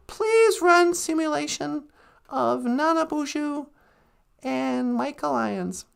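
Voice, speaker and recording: A woman's voice: high voice, animated, slow, gravelly. A woman co-hosting a casual, playful podcast, goofing around and making beeping computer noises. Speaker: podcast co-host.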